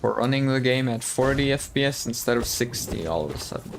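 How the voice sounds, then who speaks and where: A man's voice: medium pitch, expressive, a little fast, a little hiss or hum. A man with an American-sounding English accent giving casual, chatty commentary while streaming a game and talking to his chat. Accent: American-sounding English learned from TV.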